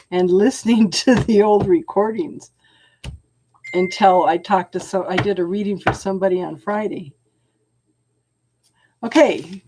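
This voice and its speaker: A woman's voice: mid-range voice, warm tone, slight background noise. An older woman hosting a casual tarot livestream, chatty and often laughing, greeting viewers by name as she talks. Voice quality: laughs often while talking. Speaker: tarot reader host.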